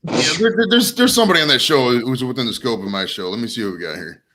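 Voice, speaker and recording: A man's voice: mid-range voice, expressive, fast, sharp tone, rough recording. A man hosting a podcast in casual chat, riffing in a jokey, profane way. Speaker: podcast host.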